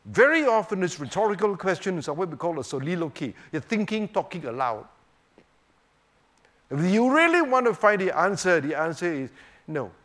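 Man preaching, lively pitch, slightly high voice, rhetorical questions, emphatic then hushed. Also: normal speed. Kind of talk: Bible teaching sermon.

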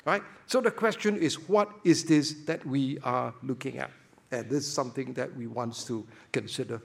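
A man's voice: mid-range voice, moderate pace, gravelly. A man preaching a sermon, emphatic, full of rhetorical questions and repeated words.

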